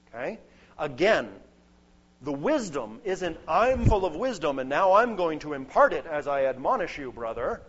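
Earnest preacher man, slightly high voice. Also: big pitch swings, normal speed. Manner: earnest and emphatic, building through lists. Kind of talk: sermon. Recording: dull lo-fi sound.

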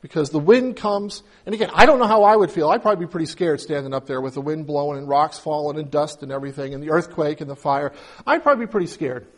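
A man preaching a conversational sermon, retelling the story with humor and acting out the characters' pleas with rising emotion. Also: a little high. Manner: conversational, acts out biblical voices with rising emotion. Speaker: pastor.

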